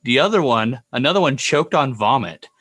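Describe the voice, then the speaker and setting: A man's voice: mid-range voice, animated, moderate pace, a bit bright, husky, no room sound, studio quality. A man co-hosting a podcast, joking and laughing in casual chat. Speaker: podcast co-host.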